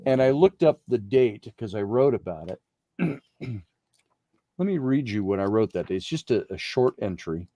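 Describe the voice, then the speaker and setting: A man guest, an Egyptologist, telling a story in conversation, animated and quoting others, and slowly reading aloud from a journal. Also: lowish voice, dry recording. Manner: animated storytelling with quoted voices.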